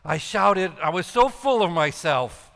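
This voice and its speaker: A man acting out a guilt-ridden middle-aged apostle in a stage monologue, with a high, tense voice. He talks slowly, with agitated, halting questions and much self-reproach. A long reverb from a big hall hangs on every word. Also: lively intonation, gravelly, a bit bright, heavily acted. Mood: anxious, remorseful. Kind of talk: dramatic monologue.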